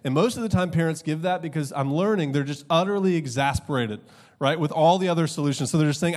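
A man's voice: on the high side, a little mellow. Conversational, joking young male pastor. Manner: conversational and humorous, shifting between quick asides and slow emphatic drops. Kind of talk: sermon.

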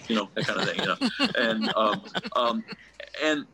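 A man, a ventriloquist guest, telling anecdotes in a casual, animated way, often restarting his sentences. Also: fairly low pitch, moderate pace, breathy edge, rough recording. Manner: animated storyteller, restarts often, acts out quotes.

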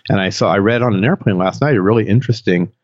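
A man's voice: on the low side, fast, no room sound. A man in his sixties, a guest on a podcast, giving thoughtful, rambling explanations with restarts. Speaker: podcast guest, industry executive. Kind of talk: podcast interview. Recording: dull, lo-fi dry sound.

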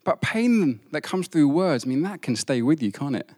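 A man's voice: a little high, sing-song, moderate pace, darkish tone. Conversational man preaching. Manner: conversational, self-deprecating humor. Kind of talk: sermon.

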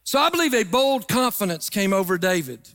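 A man's voice: sits high, very animated, fairly quick, fairly bright tone, big-room sound, faint music behind. A middle-aged man preaching a sermon, emphatic and rising into sung phrases. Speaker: pastor.

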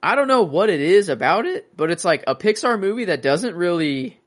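Rambling, excitable young man. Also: high-pitched, normal speed. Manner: rambling and enthusiastic, many fillers and restarts. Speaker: podcast co-host. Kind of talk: casual movie chat.

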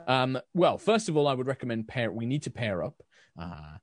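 A man's voice: medium pitch, sing-song, normal speed, no echo, natural voice. A man voicing a fussy, formal male court advisor in a put-on accent, polite and hesitant. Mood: instructive. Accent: put-on character accent.

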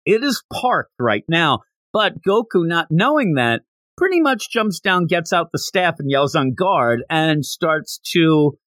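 A man hosting a podcast, recapping a comic in animated casual storytelling. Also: on the high side, measured pace, no room sound. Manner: animated storytelling, slipping into character voices. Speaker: podcast host.

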